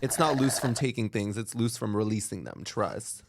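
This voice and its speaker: A man's voice: lowish voice, expressive, normal speed, vocal fry, background noise. A man hosting a casual chat show, bawdy and joking, calling people "honey.". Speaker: podcast host.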